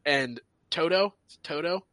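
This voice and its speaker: A man's voice: a little high, normal speed, background noise. A man in casual chat who teases the others with provocative what-if questions.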